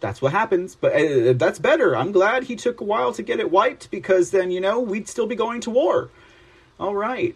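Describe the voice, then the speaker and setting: A man's voice: high voice, big pitch swings, moderate pace, slightly rough. A man hosting a news show, reading reports aloud and breaking in with emphatic, sarcastic asides. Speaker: host.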